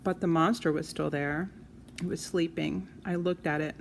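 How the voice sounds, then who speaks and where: A woman reading a children's story aloud, in a soft, hushed first-person telling. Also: sits low, fairly even intonation, moderate pace, creaky, a little hiss or hum.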